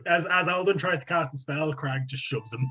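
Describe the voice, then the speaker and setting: A man's voice: a little high, a little fast, sharp tone. A man playing a tabletop game who chats casually, laughs often and narrates his character's actions. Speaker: player.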